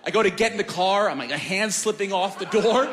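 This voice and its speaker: Man, comic storytelling, animated, profane, lively pitch, reverberant room. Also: fairly quick, noisy background. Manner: animated, profane, self-mocking. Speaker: storyteller on a podcast.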